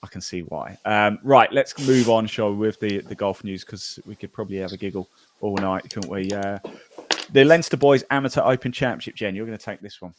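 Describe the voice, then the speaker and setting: A man's voice: on the low side, brisk, a little hiss or hum. A man hosting a golf podcast, chatting casually and reading out scores with fillers and laughs. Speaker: podcast host. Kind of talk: casual golf news chat.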